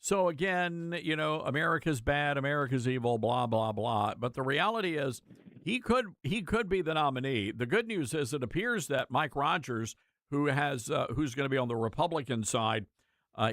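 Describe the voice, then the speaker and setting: A man's voice: medium pitch, a bit bright. A man hosting a talk radio show, opinionated and conversational with a sarcastic edge.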